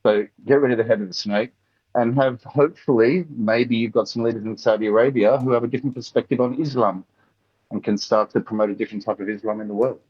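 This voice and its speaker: A man's voice: medium pitch, fairly even intonation, fast talker, husky. A man with an Australian accent calling in to a live show, talking in a laid-back, rambling way. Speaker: caller. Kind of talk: casual phone-in chat. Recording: dull lo-fi call audio.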